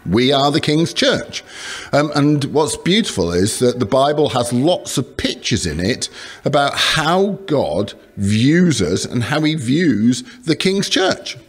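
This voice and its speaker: A man's voice: mid-range voice, big pitch swings, slow pace, slightly rough. A man preaching a sermon in a conversational way, with fillers and restarts, and reading scripture aloud with emphasis.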